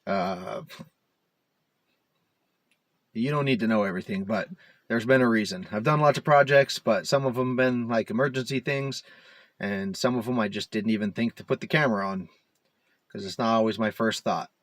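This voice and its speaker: A man's voice: lowish voice, fairly quick, no room sound. A man rambling casually to the camera as a DIY car repair vlogger, full of fillers and self-mocking asides, recorded inside a parked SUV.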